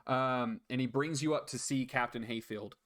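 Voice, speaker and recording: A man narrating as game master of a tabletop game, at an ordinary middle pitch. He talks haltingly, with frequent fillers and restarts. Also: fairly even intonation, fairly bright tone.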